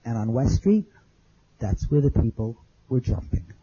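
A man's voice: medium pitch, lively intonation, unhurried, dark tone, husky, highs cut off. A man telling an audience his survival story in plain, earnest words, repeating phrases as he remembers. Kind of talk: spoken testimony to an audience.

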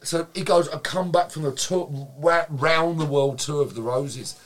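Male guest, animated raconteur, salty language, acts out quotes. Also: on the high side, measured pace. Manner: animated, swears freely, acts out quotes, laughs while telling. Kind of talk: anecdotal storytelling in casual chat.

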